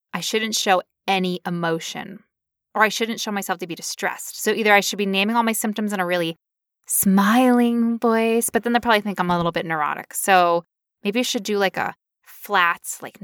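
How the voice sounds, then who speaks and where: A woman co-hosting a podcast, wry and emphatic as she talks. Her voice is smooth, crisp and bright, recorded dry and close. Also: medium pitch, dry recording. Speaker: podcast co-host. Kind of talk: casual podcast chat.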